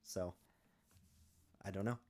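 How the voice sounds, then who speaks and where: A man co-hosting a podcast chat, speaking in a relaxed, deliberate way with lots of fillers. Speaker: podcast co-host. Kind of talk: casual chat.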